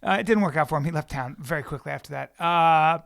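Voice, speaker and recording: A man's voice: on the high side, fast, a bit bright. A man co-hosting a podcast in a studio, telling rambling stories in a casual way. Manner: gravelly, rambling storytelling. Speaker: podcast co-host. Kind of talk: casual chat.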